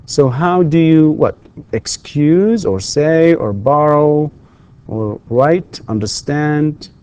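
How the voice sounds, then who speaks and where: A man's voice: fairly high pitch, slow, warm tone, smooth. A man lecturing an English class, patiently repeating words and prompting students with questions.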